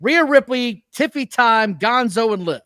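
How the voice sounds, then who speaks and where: Podcast co-host, male, high bright voice, blunt ranting delivery, dry close sound. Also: expressive, unhurried, no room sound. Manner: blunt, exasperated rants with profanity. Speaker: podcast co-host reviewing wrestling. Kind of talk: casual chat.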